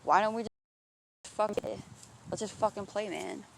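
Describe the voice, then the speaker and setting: A vlogger muses out loud while walking outside, swearing freely and circling back on unfinished thoughts. The voice sits at an ordinary, middle pitch, with a faint hiss of open air behind it. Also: fairly even intonation, normal speed, vocal fry. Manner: profane, searching, thinks aloud with restarts. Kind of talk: rambling introspective monologue. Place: outdoors, walking.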